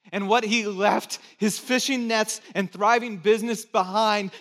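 Slow, emphatic high-voiced male pastor. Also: a bit bright. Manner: slow, emphatic, with dramatic pauses. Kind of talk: sermon. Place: church. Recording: long church hall reverb.

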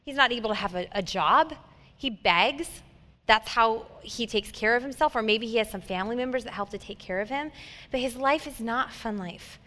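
A woman in her thirties giving a heartfelt, conversational sermon, swinging from loud emphasis to soft near-whispers. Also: a little high, normal speed. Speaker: pastor. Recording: long hall reverb.

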